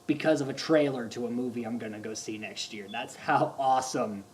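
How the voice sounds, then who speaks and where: A man casually reviewing movies on his vlog, talking like an excitable, gushing fan with lots of rambling restarts. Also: medium pitch, fairly quick, slight background noise.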